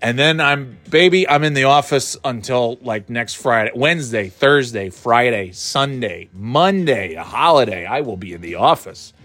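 A man's voice: medium pitch, expressive, moderate pace, hardly any pauses, fairly bright tone, dry recording. A man hosting a casual solo podcast from home, rambling and offhand, sighing and trailing off between thoughts. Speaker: podcast host.

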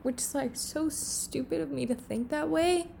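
Young woman, tearful, shaky, rambling confessional vlog, lots of "like" and "um", slightly high voice. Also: normal speed, vocal fry, a little mellow, a little hiss or hum. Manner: tearful, rambling, heavy on filler words. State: on the verge of crying. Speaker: content creator. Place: alone in her room.

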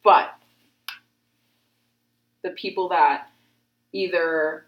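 A woman's voice: fairly low pitch, fairly even intonation, drawn-out words, roomy sound, highs cut off. A young woman in her twenties chatting casually, rambling with lots of filler words and swearing. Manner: rambling, heavy use of filler "like", frequent swearing. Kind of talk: casual chat.

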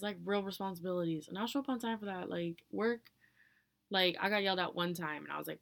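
A young woman talking to her own recorder in a casual, profane monologue, blunt and ranting, with loud bursts of indignation and breathy whispered asides. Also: lowish voice, quick pace, dry recording. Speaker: solo vlogger answering question prompts. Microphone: own recorder close by.

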